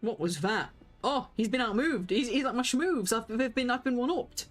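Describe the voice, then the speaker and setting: A woman, chatting excitably and giggling as she streams a game and talks to her viewers. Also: a little high, moderate pace, soft background music. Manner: excitable, giggly, reacts aloud and chats with viewers. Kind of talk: casual live-stream game commentary.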